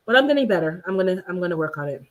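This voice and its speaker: A woman in relaxed conversation as a channel host, telling everyday stories. She is animated and jumps into bigger voices when she quotes people, and she laughs easily. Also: very fast. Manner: animated storyteller, acts out quotes with big pitch jumps and laughter. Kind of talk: casual chat.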